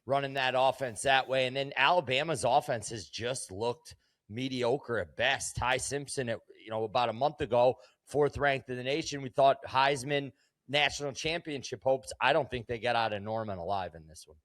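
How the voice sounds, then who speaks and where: A man's voice: medium pitch, moderate pace, fairly bright tone, no echo, clean studio sound. A man co-hosting a casual sports betting talk show, speaking bluntly and emphatically with plenty of swearing. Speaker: co-host.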